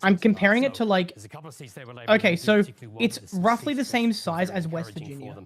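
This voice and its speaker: A woman's voice: medium pitch, moderate pace. An Australian woman chatting on a game stream, blunt and teasing, with plenty of swearing. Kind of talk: casual chat.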